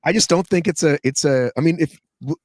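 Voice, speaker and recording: A man's voice: fairly high pitch, fairly quick, no echo, studio quality. A middle-aged American man hosting a casual podcast interview, chatty and teasing. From United States. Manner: chatty, teasing, lively questions. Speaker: podcast host.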